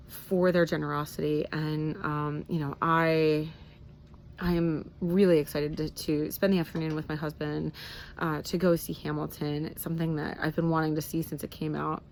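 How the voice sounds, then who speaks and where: A woman's voice: low-pitched, vocal fry, a little mellow, a little hiss or hum. A woman in her thirties talking candidly in a casual personal vlog, rambling with fillers and restarts. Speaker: vlogger.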